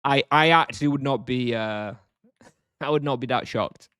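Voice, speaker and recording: A man's voice: medium pitch, normal speed, fairly bright tone, clean tone, no echo, studio quality. A man streaming a game live, chatting casually with his chat, thinking aloud with fillers and frequent chuckles.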